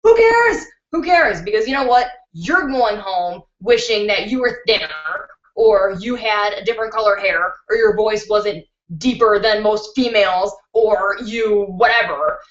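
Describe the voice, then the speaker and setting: A woman's voice: medium pitch, a little slow. A young woman hosting a beauty channel live stream, chatting candidly with viewers and laughing easily, recorded on a built-in computer mic. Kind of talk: casual live-stream chat answering viewer questions. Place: indoors at home. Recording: dull, roomy laptop-mic recording.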